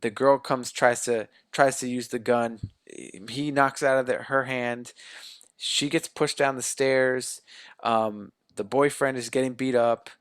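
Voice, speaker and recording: A man co-hosting a podcast, excitedly retelling a film plot and acting out the characters' lines in a casual chat. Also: medium pitch, a little slow, smooth, no room sound, clean studio sound. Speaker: podcast co-host. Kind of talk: casual movie recap.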